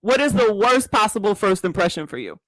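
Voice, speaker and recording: A woman hosts a casual podcast interview, her voice bright and forceful. She talks in loose slang and laughs often between questions. The sound is dry and close. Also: mid-range voice, big pitch swings, fairly quick, no echo, poor audio. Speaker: podcast host.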